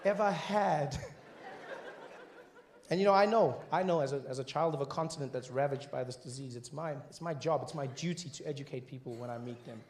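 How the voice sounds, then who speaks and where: A man from Africa doing a stand-up comedy set, animated, acting out characters in funny voices and sometimes breaking into shouts. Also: fast talker, hardly any pauses, a little hiss or hum. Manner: animated, acts out high-pitched characters, bursts into shouting. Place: comedy stage before a laughing audience.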